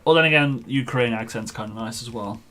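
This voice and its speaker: A man's voice: mid-range voice, brisk, a bit bright. A man streaming a game, chatting casually in a rambling way and laughing at his own stories. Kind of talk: casual chat while gaming.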